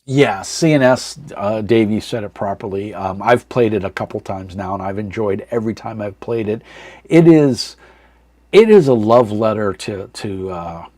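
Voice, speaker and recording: A man in his thirties hosting a casual live chat from a dark room at home, rambling with many fillers and reading chat comments aloud. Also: fairly low pitch, moderate pace, dry recording. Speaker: livestream host.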